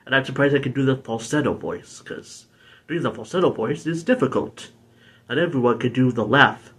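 A man's voice: medium pitch, moderate pace, noisy background. A man hosting a video game playthrough in a rambling, giggly, self-deprecating way. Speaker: let's play host. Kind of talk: casual gameplay commentary.

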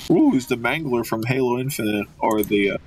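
A young man giving goofy, excitable commentary while playing a video game, joking and trash-talking the enemies. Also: medium pitch, a little fast. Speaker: gamer. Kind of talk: let's play commentary.

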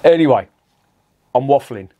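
A man's voice: mid-range voice, animated, normal speed, highs cut off, very noisy. Sweary, rambling middle-aged man. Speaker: beer reviewer. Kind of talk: casual beer review to camera.

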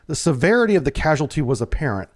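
A man, a navy submarine veteran, telling a first-person true story in a calm, measured way. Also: on the high side.

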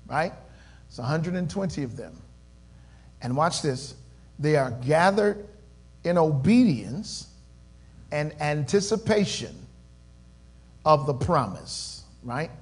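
A man preaching a sermon in call-and-response style, swinging between loud swells and quiet murmurs. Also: fairly high pitch, slightly rough. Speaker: pastor.

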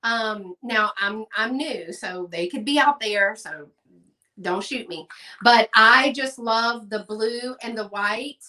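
A woman's voice: a little high, slow pace, pushed and bright, distant mic. A chatty woman hosting a live sale stream, reading out bids and saying y'all. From Texas. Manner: chatty, says y'all, reads bids aloud. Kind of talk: live selling stream, casual chat.

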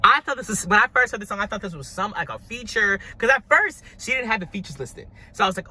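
A man giving a casual music review, excitable and dramatic, gushing with slang as a devoted fan. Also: sits high, quick pace, few pauses, a little hiss or hum. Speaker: music reaction vlogger.

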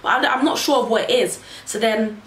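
A young woman vlogger casually telling a story, animated and chatty, leaning on "like" and "literally". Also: a little high, brisk. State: pregnant. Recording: roomy, distant mic, faint hiss.

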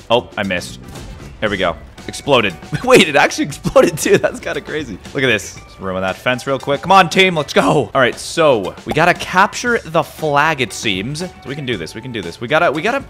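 A man giving excited gameplay commentary as a gaming YouTuber, yelping and repeating himself as the action unfolds. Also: mid-range voice. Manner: excitable, yelps and repeats phrases.

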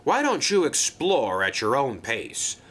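An old, wise storybook engine who talks slowly and gently reassures the young ones, with a bright, lively voice, as a man plays him. A patient mentor in a toy-railway tale. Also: medium pitch, breathy edge, heavily acted. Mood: reassuring. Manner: slow, reassuring.

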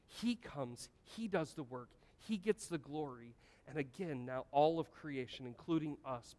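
A man preaching a sermon as pastor, earnest and emphatic, asking the congregation rhetorical questions. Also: a little high. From United States. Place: church sanctuary. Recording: long church-hall reverb.

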